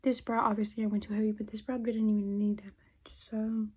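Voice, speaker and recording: This young beauty vlogger from the United States talks quickly in a mid-range, level voice that's dark in tone and slightly rough. She chats loosely as she does her makeup, swears a lot, and slips into Spanish now and then. The recording is dull, lo-fi phone audio.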